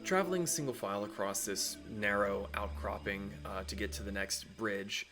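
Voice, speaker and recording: A man's voice: lowish voice, normal speed, over music. A man narrating as game master of a tabletop game over a voice call, loose and casual, with fillers and the odd curse.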